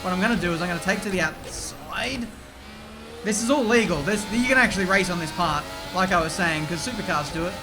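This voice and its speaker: An excitable man commentating his racing game, chatty and mildly sweary, with game music behind him. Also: sits high, fairly quick. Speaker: gaming video creator.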